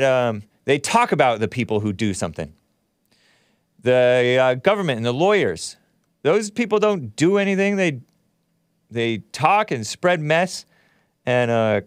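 A man's voice: mid-range voice, clean tone, no room sound, clean studio sound. A man hosting a livestream show, reading viewer chats aloud and giving blunt, opinionated commentary as he thinks aloud.

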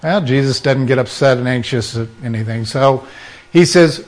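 A man preaching a sermon, emphatic and full of rhetorical questions, sometimes dropping into quiet asides. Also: medium pitch, normal speed.

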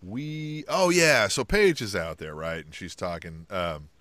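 A man co-hosting a casual wrestling podcast, relaxed and often trailing off softly. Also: sits low, unhurried, no echo. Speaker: podcast co-host.

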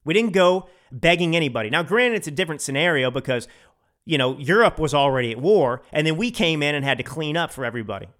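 Emphatic man with a lively voice. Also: fairly high pitch, fast talker. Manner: emphatic, opinionated, repeats phrases for stress. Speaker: podcast host. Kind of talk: solo political commentary.

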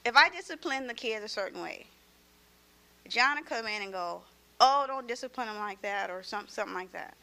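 A mother talking about her family, hesitant and halting, searching for her words. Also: on the high side, expressive, creaky, pushed and bright. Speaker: guest, mother of children. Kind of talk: personal conversation.

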